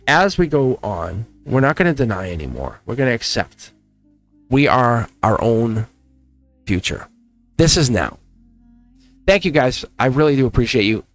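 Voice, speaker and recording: A man giving a casual tarot reading to his viewers, warm-hearted and emotional, with frequent laughs and asides. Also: medium pitch, big pitch swings, normal speed, long pauses, no echo, soft background music. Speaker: tarot reader.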